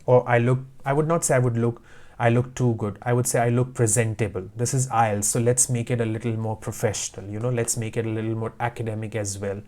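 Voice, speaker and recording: A man's voice: mid-range voice, steady tone, quick pace, a little mellow. A man teaching IELTS speaking tips, giving direct, emphatic advice in short repeated commands. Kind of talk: instructional talk to camera.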